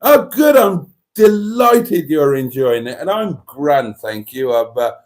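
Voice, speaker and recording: Livestream host, man, a bit tipsy, lively pitch, laughs a lot while reading comments. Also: a little slow. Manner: chatty, laughs often, reads comments aloud. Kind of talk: casual livestream chat.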